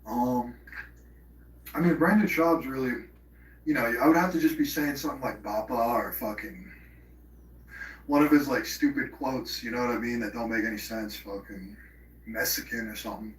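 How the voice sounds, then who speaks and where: A man's voice: medium pitch, moderate pace, pauses often. A man hosting a live stream, rambling in profane casual chat and slipping into mock impressions. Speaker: livestream host. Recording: roomy, distant from the mic.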